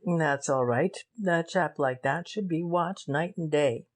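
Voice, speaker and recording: A gruff police detective speaks bluntly and slowly in a low register, voiced by a woman narrator. He is direct and plain-spoken.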